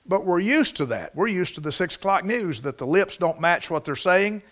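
A man's voice: high voice, animated, normal speed, fairly bright tone. A man preaching a sermon, emphatic and prone to restarts. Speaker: pastor.

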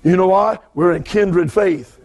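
Speaking at a measured pace with vocal fry, this Southern American guest preacher gives an impassioned revival sermon. His delivery shifts between low asides and shouted outbursts.

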